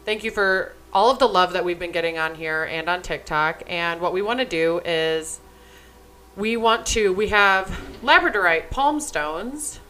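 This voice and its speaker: A woman's voice: fairly low pitch, a little slow, sharp tone, slight background noise, low-quality recording. A young adult woman co-hosting a podcast in casual chat, talking bluntly and emphatically and swearing freely. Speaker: podcast co-host.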